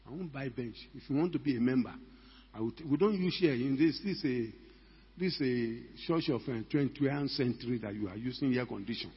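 An older man delivers an emphatic sermon in a large church hall. His voice is husky and sits a little high. The sound is dull and lo-fi, with a long echo trailing each phrase. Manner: emphatic, rhetorical questions to the congregation. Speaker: pastor.

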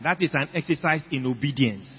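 Ghanaian male pastor, high-voiced and deliberate, lo-fi church hall recording with long reverb. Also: expressive, breathy edge. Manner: slow, emphatic, repeats phrases for the congregation. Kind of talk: sermon.

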